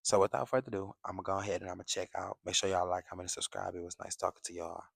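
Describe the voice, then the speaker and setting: A man's voice: sits low, level tone, very fast, creaky, a little hiss or hum. A young man in a casual vlog monologue, giving emphatic, slang-filled life advice straight to the camera. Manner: emphatic, streetwise slang, rhetorical "you get what I'm saying". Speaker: vlogger.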